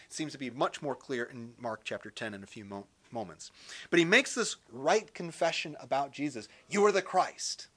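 A man teaching through a Gospel passage in a relaxed, conversational sermon style, reading scripture aloud and adding light jokes. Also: mid-range voice, moderate pace. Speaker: Bible teacher.

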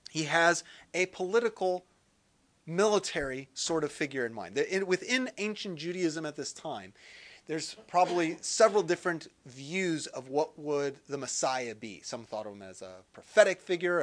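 A man teaching through a Gospel passage in a relaxed, conversational sermon style, reading scripture aloud and adding light jokes. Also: fairly high pitch, normal speed. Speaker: Bible teacher.

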